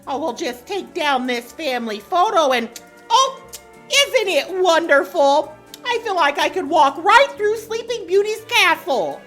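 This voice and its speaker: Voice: very high-pitched, animated, unhurried, a bit bright, soft background music, exaggerated voice. A comedian voicing a prim, churchy middle-aged mom with a folksy Minnesotan accent, sing-song and prudish in a comedy sketch. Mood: sweet.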